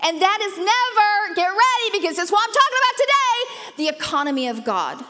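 A woman pastor giving a sermon, animated, playful and emphatic, with sudden jumps in pitch and loudness. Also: brisk, in a large hall. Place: church auditorium.

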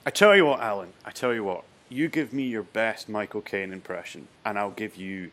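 A man's voice: fairly low pitch, expressive, moderate pace, fairly bright tone. A man hosting a podcast, chatting in a jokey way with frequent restarts. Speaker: podcast host. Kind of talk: casual chat.

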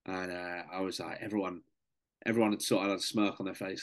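A young man with a very deep voice tells a story on a podcast. He is casual and matey, calls people "mate", and swears freely as he goes. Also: steady tone, fast. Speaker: podcast guest, serving soldier.

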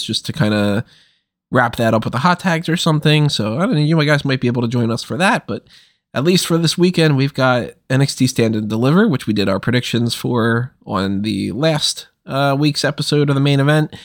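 A man hosting a podcast while feeling a little under the weather. His talk is wry and deflated, with a complaining edge. His voice sits at a middle pitch on a dry close mic with no room sound. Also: normal speed, no echo. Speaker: podcast host. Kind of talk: casual podcast chat.

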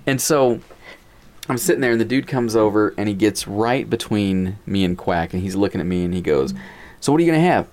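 A man's voice: lowish voice, moderate pace. A man casually telling a funny story, acting out quotes and laughing as he talks. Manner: animated, acts out quotes, laughs while telling.

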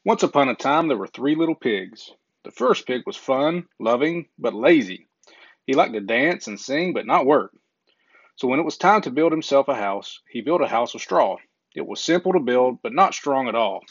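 A man reading a children's story aloud in a gentle, measured way, with small slips now and then. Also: mid-range voice, animated, breathy edge, no room sound. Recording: dull lo-fi recording.

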